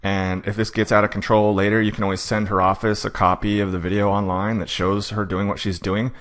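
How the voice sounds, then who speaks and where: A man coaching a client for a courtroom hearing, talking fast and acting out what the judge and defendant might say. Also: lowish voice, flat delivery, a bit bright. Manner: fast-talking, self-admittedly rushed; acts out judge and defendant lines in quick asides. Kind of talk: coaching session recap.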